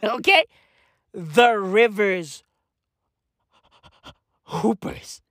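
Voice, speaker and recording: A woman's voice: fairly high pitch, lively intonation, very slow, long pauses, fairly bright tone, no room sound, clean studio sound. A woman doing a profane comic rant, repeating herself and laughing at her own jokes. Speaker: comedian.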